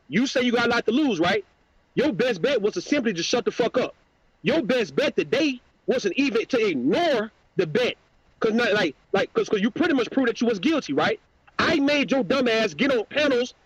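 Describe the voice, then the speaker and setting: A man's voice: extremely high pitch, husky, lo-fi sound. A man hosting his own channel, delivering a profane, combative, mocking rant in a livestream. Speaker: YouTube channel host.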